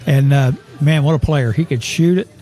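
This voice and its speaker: A man hosts a relaxed local sports talk show. His voice sits a little high for a man, and he rambles and chuckles through stories about former players. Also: moderate pace. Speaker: host.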